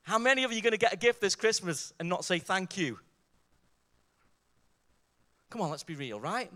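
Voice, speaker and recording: A male preacher delivering a sermon with a high, bright voice. He speaks emphatically and builds to fervent exclamations, pressing the congregation with rhetorical questions. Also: lively intonation, fast.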